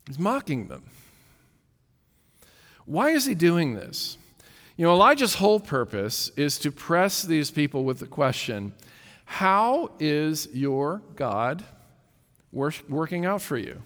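Emphatic preacher in a reverberant hall. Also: male voice, fairly high pitch, very animated, measured pace, fairly bright tone. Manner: emphatic, rhetorical questions, repeats words. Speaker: pastor. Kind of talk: sermon.

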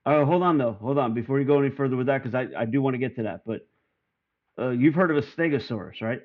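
A man's voice: mid-range voice, quick pace. A man co-hosting a podcast in casual chat, eagerly prodding others to play along. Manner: prodding, eager to set up games. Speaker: podcast co-host. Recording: dull lo-fi audio.

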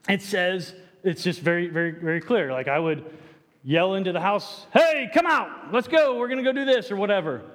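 High-voiced male preacher in echoey hall. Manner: earnest, stammering restarts, acts out quoted lines. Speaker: pastor. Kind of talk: sermon.

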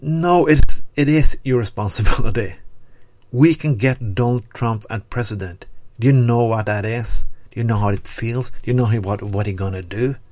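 A man's voice: medium pitch, normal speed, a little mellow. A man, host of a political commentary show, delivering a heated, profane rant that hammers words over and over. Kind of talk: angry political rant to camera.

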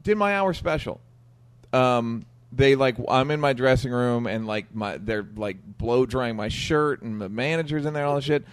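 A comedian co-hosting a casual chat tells stories emphatically and swears freely. His mid-range voice is clear and resonant, moving at a moderate pace.

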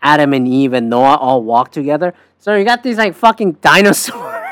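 Male podcast host, lively swooping pitch, sarcastic, profane, dry close sound. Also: moderate pace, clear, resonant tone, dry recording. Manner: animated, sarcastic, swears often. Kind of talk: casual profane monologue.

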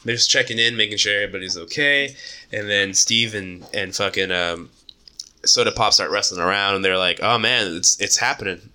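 A man with a lower voice and a very bright, forward tone, chatting casually about a book. He retells scenes with energy, jumps into the characters' lines, and laughs and swears as he goes. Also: brisk.

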